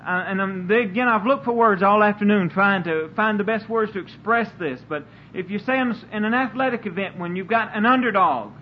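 A man's voice: high voice, a little fast, few pauses. A man preaching a sermon in an earnest way, often stumbling and repeating words as he searches for them. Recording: dull lo-fi recording with faint hiss.

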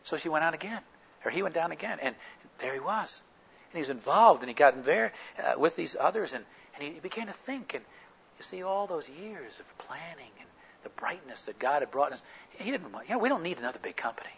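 A man delivers a sermon as a vivid personal anecdote, his somewhat high voice swinging widely in pitch. His tone is husky and slightly breathy. The recording is dull and lo-fi. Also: fairly quick. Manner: animated anecdotal storytelling with lively quoted dialogue. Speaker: preacher. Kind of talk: sermon storytelling.

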